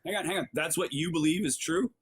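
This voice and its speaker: A man's voice: on the high side, quick pace, breathy edge. A man calling into an online debate, pushing his point and repeating questions over the host. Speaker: caller. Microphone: phone camera on a video call.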